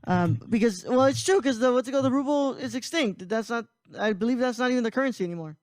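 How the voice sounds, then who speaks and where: A man's voice: extremely high pitch, fast talker, dry recording. A man hosting a casual podcast, rambling with frequent laughs and restarts. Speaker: podcast host.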